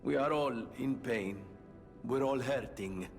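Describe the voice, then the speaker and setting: An earnest middle-aged inventor addressing his battered city in a video game, his words unhurried and grave. The voice carries a long reverb tail with faint music underneath. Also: mid-range voice, a little mellow. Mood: solemn.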